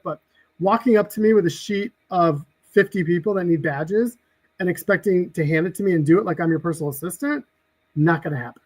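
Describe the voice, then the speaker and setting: Animated man telling trade show stories. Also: sits high, brisk, poor audio. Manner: animated storyteller, acts out quoted exchanges. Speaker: guest. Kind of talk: casual podcast chat.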